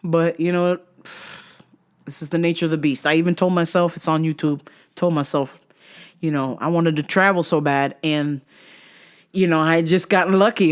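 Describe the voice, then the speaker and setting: A vlog host telling a profane travel story, animated and laughing often, jumping into acted voices. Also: normal speed. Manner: acts out voices with big pitch jumps. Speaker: vlogger host. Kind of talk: casual storytelling rant.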